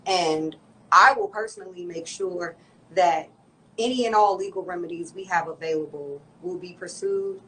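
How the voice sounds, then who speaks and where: A woman attorney speaks in a firm, measured and formal way, delivering a prepared public statement. Her voice sits slightly low, and a faint hiss runs underneath it. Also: bright, forceful tone, rough recording.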